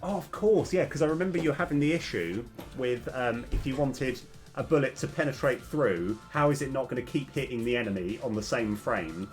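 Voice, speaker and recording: A man's voice: mid-range voice, brisk, soft background music. A young man streaming game development, chatting casually and hesitantly with many fillers and restarts, his voice slightly worn. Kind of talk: casual live coding chat.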